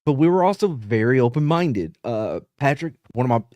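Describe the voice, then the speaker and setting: A man's voice: medium pitch, animated, moderate pace, darkish tone, dry recording. A man in his thirties hosting a podcast, telling rambling, profane stories in casual chat. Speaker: podcast host.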